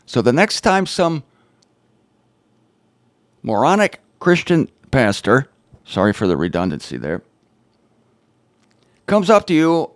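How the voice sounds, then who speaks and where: A man teaching scripture on his own show, emphatic and animated, his pitch swinging widely as he drives each point home. He slips in dry, sarcastic asides between the serious points. The voice sounds close and dry, with almost no room around it. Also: no room sound. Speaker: Bible teacher and show host. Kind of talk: informal Bible teaching to camera.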